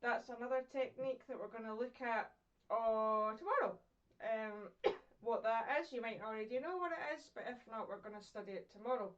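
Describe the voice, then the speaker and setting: A Scottish woman in the role of English teacher talks pupils through a poem in a chatty, encouraging way, asking questions and leaving pauses for them to think. Her voice sits a little high. The recording sounds dull and lo-fi, and she is a bit away from the mic. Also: recorded from a distance. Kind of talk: recorded online poetry lesson.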